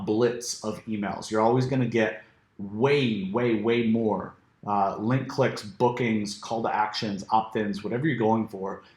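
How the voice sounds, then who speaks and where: Guy walking through software on screen share, lots of ums and restarts, voice a bit worn, roomy echo. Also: medium pitch. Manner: casual, many fillers and restarts. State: losing his voice. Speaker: software reviewer. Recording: echoey room.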